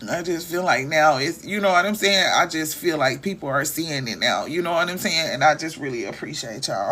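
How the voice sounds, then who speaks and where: A woman's voice: low-pitched, normal speed, a bit bright. A woman, hosting a casual livestream and talking straight to her viewers in a chatty, emotional way. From Arkansas. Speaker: livestream host.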